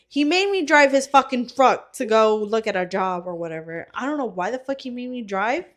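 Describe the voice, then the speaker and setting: A woman in her twenties chats on a podcast with her sisters. She tells stories with an animated, unfiltered delivery, swears freely and acts out what people said. Her voice sits a little higher than most. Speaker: podcast co-host. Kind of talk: casual chat.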